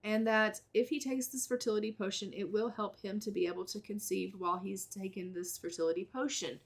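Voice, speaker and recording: A woman's voice: mid-range voice, steady tone, a little fast. A woman narrating a life-sim game in a chatty, storytelling way. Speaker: let's play narrator.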